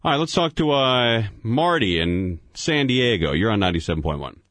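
Joking radio host, very lively voice. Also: male voice, mid-range voice, dry recording. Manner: joking, teasing, quick banter. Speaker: radio talk show host. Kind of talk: call-in radio banter.

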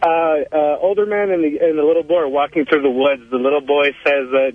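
A male caller telling a joke over the phone in a hesitant, halting way. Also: on the high side, steady tone, dry recording. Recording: thin, dry phone line.

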